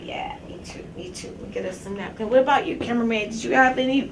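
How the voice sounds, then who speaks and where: Chatty woman talk show host, fairly high voice, recorded from a distance in an echoey room with background noise. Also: quick pace, a loud crowd. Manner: chatty, hospitable, laughs easily. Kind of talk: casual chat. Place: small cafe.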